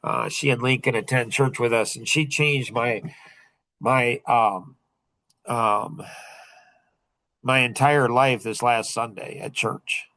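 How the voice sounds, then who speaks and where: A man's voice: mid-range voice, fairly even intonation, slow pace, long pauses, pushed and bright, no room sound, low-quality recording. A middle-aged man talks casually to a small group, rambling and circling back with lots of fillers and false starts. His voice sits in the middle of the male range. The recording is dry and close, with no room sound. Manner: rambling, with many fillers and restarts. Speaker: podcast host and coach.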